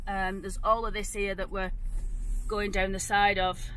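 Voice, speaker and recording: A woman from Oldham with an Oldham accent edging toward Yorkshire, chatting excitedly as she films a walking tour outdoors on a handheld phone. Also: medium pitch, measured pace, slight background noise. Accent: Oldham, with creeping Yorkshire. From Oldham, northwest England. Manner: chatty, exclamatory, rambling. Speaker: vlogger. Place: outdoors on streets. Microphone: handheld phone camera.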